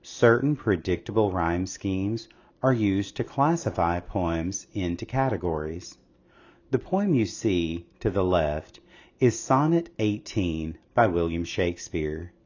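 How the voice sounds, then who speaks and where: A man narrating a scripted English lesson in a slow, measured, explanatory way. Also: sits low, lively intonation, darkish tone. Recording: slightly dull lo-fi audio.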